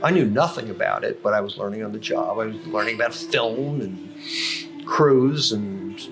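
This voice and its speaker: In a coffee house with music on, an older podcast guest speaks in a low, gravelly voice at a moderate pace. He tells lengthy, casual stories about his career, full of fillers and restarts to correct himself.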